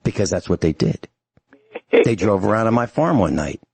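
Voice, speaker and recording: A man's voice: on the low side, sing-song, moderate pace, gravelly, a little mellow, husky, dry recording. A man hosting a talk radio show, ranting angrily and emphatically to his listeners.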